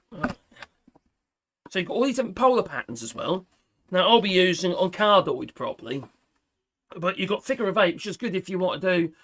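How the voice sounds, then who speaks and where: A man's voice: high voice, fairly bright tone. A man, reviewing a product as he unboxes it, chatty and self-mocking, talking to himself while he fiddles with things.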